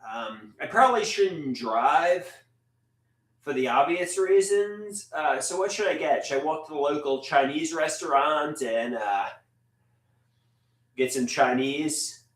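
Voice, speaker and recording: Male livestream host, rambling and chatty, lively up-and-down pitch, heard from across a roomy space. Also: slow. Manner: rambling, reads out viewer comments. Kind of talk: casual livestream chat. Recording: echoey room, distant mic.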